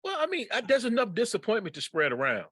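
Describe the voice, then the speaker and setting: A man's voice: high-pitched, huge pitch swings, quick pace, fairly bright tone, breathy edge, dry recording, clean studio sound. A man co-hosting a podcast, playful and teasing as he chats. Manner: playful, teasing, bursts of laughter. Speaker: podcast co-host. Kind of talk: casual chat.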